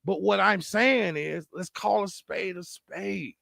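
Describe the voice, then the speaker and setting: A young man co-hosting a podcast, talking in a casual, profane way and swinging between loud bursts and low mutters. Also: slow, gravelly, dry recording, clean studio sound. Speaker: podcast co-host.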